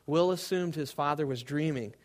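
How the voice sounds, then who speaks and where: A man preaching a sermon to a live congregation, swinging between loud emphasis and hushed, quiet tones. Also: on the high side, normal speed.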